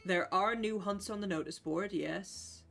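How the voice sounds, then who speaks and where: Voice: medium pitch, measured pace, vocal fry, fairly bright tone, soft background music. A streamer, chatting casually and swearing while playing a game live and reading its text aloud. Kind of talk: casual live gameplay chat.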